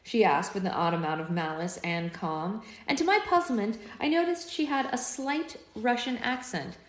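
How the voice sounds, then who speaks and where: A woman's voice: medium pitch, normal speed. Book club host, woman, reads aloud with playful tangents, roomy sound. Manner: chatty, playful, goes off on tangents. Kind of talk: live read-aloud with casual asides. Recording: roomy echo.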